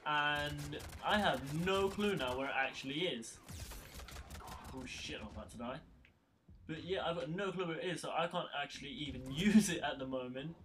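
A man's voice: on the high side, moderate pace, slight background noise. A young man giving casual, rambling gameplay commentary, sounding tired and swearing when things go wrong. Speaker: gaming YouTuber. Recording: game music loud behind the voice. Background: game music and sound effects.

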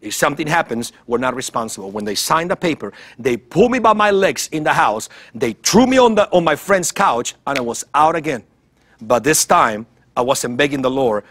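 Male guest for a TV interview, husky and animated, tells an emotional testimony. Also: fairly high pitch, moderate pace. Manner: animated storytelling, acts out voices, repeats words. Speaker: guest evangelist.

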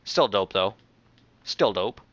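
Excitable young man gaming with friends. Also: lowish voice, takes it slowly, no room sound. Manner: excitable, profane, teasing. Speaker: gamer. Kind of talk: casual gameplay chat with friends.

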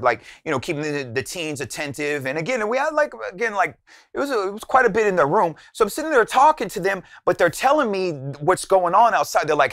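A man's voice: fairly bright tone, no echo, studio quality. A man host recounting a personal story in a casual, slangy way, full of fillers and retold dialogue. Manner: casual, many fillers and slang, retells dialogue with rising pitch. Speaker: youth minister and show host.

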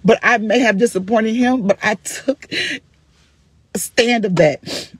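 A husky-voiced grandmother gives a fervent, preacherly testimony into her phone, laughing and crying at the same time. The sound is close and dry, with no room around her. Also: a little high, measured pace, no echo. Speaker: vlogger. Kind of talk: emotional testimony to followers.

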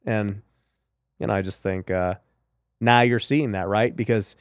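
A man's voice: on the low side, fairly even intonation, unhurried, no room sound, studio quality. A man hosting a podcast, talking casually and emphatically about faith and business, peppered with "you know" and "right?". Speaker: podcast host.

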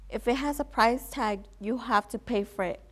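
A woman's voice: fairly high pitch, moderate pace, a bit bright. A young woman reading as a pushy male cashier. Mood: insistent. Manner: insistent.

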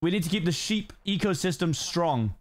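Playful young man with a lively voice. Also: high-pitched, normal speed. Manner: playful, laughing at friends' bits. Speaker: streamer and host. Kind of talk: casual gaming chat.

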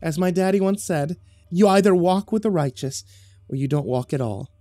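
A man voicing a prim, devout southern churchwoman in her middle years, raising his voice high and breathy. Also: normal speed, mellow, no room sound, studio quality, faint music behind, natural voice. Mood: proud.

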